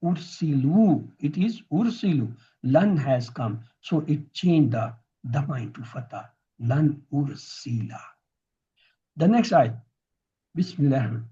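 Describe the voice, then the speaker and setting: A man's voice: mid-range voice, animated, slow pace, warm tone, breathy edge. A man teaching Quranic Arabic grammar in a classroom lesson, drilling verb forms and quizzing his students. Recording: dull lo-fi recording.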